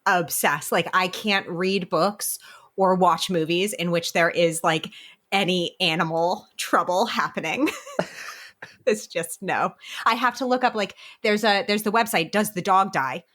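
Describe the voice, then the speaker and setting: A woman's voice: lowish voice, a little slow. Chatty American woman guest. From United States. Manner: chatty, laughs often, animated. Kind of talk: casual podcast interview. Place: home office with windows open.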